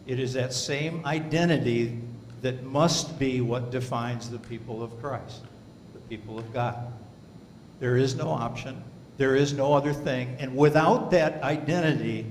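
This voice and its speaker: A man teaching a Sunday Bible class in a church, earnest and emphatic, reading scripture aloud between his points. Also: a little slow. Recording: roomy hall reverb, faint rumble.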